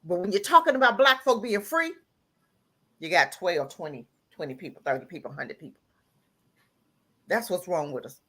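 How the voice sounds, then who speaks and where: On a live talk show, a female caller delivers an emphatic, impassioned rant, circling back to the same lines again and again. Her voice is pushed and bright with lively intonation, moderately paced and full of frequent pauses; she laughs at moments and climbs to a near-crying pitch.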